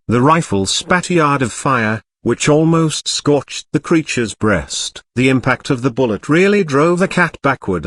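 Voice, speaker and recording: A text-to-speech male voice reading a classic novel aloud in an even synthetic manner, with occasional odd stresses. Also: medium pitch, dry recording. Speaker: narrator. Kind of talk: synthetic audiobook narration.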